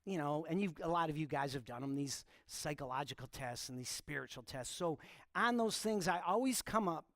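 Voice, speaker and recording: Casual storytelling pastor, fairly high voice. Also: male voice, expressive, brisk, a bit bright, dry recording. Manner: informal, self-deprecating, talks straight to the congregation. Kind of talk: conversational sermon storytelling. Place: church.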